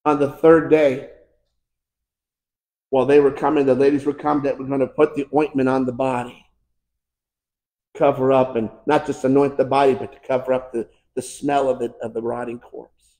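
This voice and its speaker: An American pastor preaching a fervent sermon, swinging between shouted climaxes and hushed, quiet lines. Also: male voice, mid-range voice, level tone, normal speed, pauses often. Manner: impassioned preaching, building to shouts and dropping to hushed tones. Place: church sanctuary. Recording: echoey church room.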